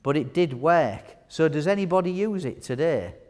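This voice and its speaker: A man's voice: a little high, animated, normal speed, darkish tone. Chatty man teaching a hall. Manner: chatty, jokey, quizzes the audience. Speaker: wound care nurse presenter. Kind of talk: live conference teaching talk. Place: large hall with audience. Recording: long hall reverb.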